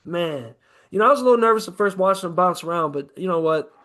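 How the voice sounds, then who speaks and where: High-voiced rambling guy talking football. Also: quick pace. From American Midwest. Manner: rambling, profane, animated. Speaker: podcast co-host. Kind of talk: casual sports chat.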